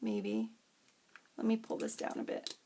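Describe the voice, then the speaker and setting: A woman's voice: a little high, completely flat delivery, measured pace, vocal fry, dark tone, a little hiss or hum. A woman hosting a crafting tutorial, chatty and bubbly, who rambles and often loses her train of thought. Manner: bubbly and self-deprecating. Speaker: craft channel host.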